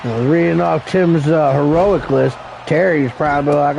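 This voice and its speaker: A man's voice: on the high side, moderate pace, vocal fry, darkish tone, highs cut off, a little hiss or hum. A man calling an amateur wrestling show as commentator, crude and joking, rambling and calling people brother. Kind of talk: profane play-by-play commentary.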